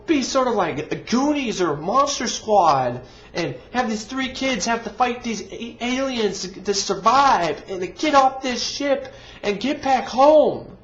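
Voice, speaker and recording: A man's voice: very high voice, a bit bright. A man reviewing a movie in an exasperated, profane rant full of sarcasm. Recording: dull lo-fi recording.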